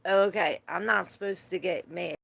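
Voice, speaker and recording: A woman with a low, gravelly voice reads tarot cards live for her audience. She keeps it loose and chatty, laughing easily and dropping curse words along the way. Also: moderate pace, a bit bright, a little hiss or hum. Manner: chatty, swears freely, laughs often. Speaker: tarot reader. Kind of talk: casual live tarot reading.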